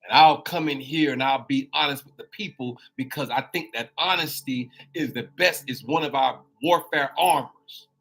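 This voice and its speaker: A man's voice: mid-range voice, moderate pace, vocal fry, hardly any pauses, fairly bright tone, husky. A man hosting his own daily live show, preaching in an informal way. He repeats words and calls his listeners y'all. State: on a crutch with a swollen knee. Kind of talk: preacher-style live monologue.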